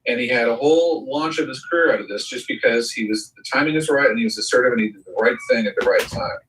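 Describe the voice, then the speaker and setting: A man's voice: mid-range voice, fast talker, a bit bright, slight background noise. A middle-aged man co-hosting a chat show, telling rambling anecdotes and mimicking the people he quotes. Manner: rambling storyteller who mimics voices in quotes. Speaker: co-host. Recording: voice a bit far from the mic.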